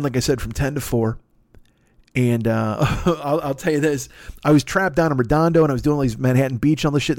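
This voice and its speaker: A man's voice: medium pitch, no room sound. Middle-aged guy on a podcast, swearing a lot, rambling story, dry close mic. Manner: profane, rambling, animated storyteller. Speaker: podcast host. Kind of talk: casual storytelling chat.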